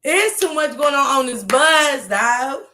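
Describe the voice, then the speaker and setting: A woman's voice: high voice, lively intonation, unhurried, pushed and bright. A woman telling a story to her live chat in a casual way, laughing often and acting out what other people said.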